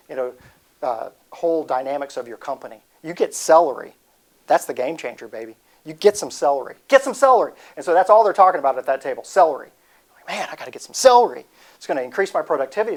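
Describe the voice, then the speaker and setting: A man in his forties giving a humorous motivational talk, rambling and interrupting himself as he tells stories. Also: on the high side. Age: 40s. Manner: rambling, self-interrupting storytelling. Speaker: speaker.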